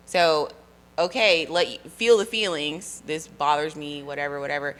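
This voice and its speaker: A woman in her thirties with a New York accent, co-hosting a casual chat and telling blunt, animated stories. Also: low-pitched, moderate pace, low-quality recording. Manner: blunt, animated storyteller acting out quotes. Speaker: podcast co-host.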